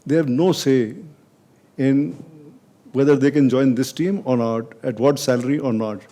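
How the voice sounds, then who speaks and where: A man's voice: mid-range voice, measured pace, warm tone. A man from India interviewing a guest on stage, asking direct, pointed questions.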